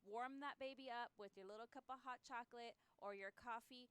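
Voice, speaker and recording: A woman's voice: a little high, brisk, fairly bright tone, clear, resonant tone. A woman co-hosting a morning show, chatting with gushing enthusiasm. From part French. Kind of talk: casual chat.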